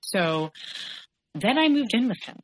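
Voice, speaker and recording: A woman, a podcast guest, telling a personal story frankly, halting and correcting herself with many fillers. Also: medium pitch, sing-song, slight background noise, poor audio.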